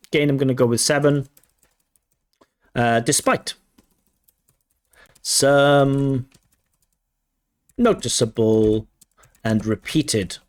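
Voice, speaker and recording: A man working as a language test examiner, giving spoken feedback in a measured, think-aloud way and correcting himself as he goes. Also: medium pitch. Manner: measured, reads out band descriptors and questions them.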